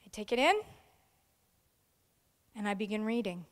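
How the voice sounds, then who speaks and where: A woman's voice: medium pitch, very animated, a little slow, pauses often, in a large hall. A middle-aged woman giving a storytelling speech to an audience, acting out the voices of the people she quotes. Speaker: keynote speaker. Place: large event hall.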